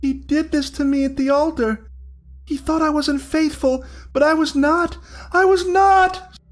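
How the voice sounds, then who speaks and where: A man's voice: very high-pitched, fairly even intonation, measured pace, pitched above the performer's own voice. A man playing a wailing ghost bride. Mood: grieving. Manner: strained, melodious, full of pain. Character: wailing ghostly corpse bride, grief-stricken and vengeful.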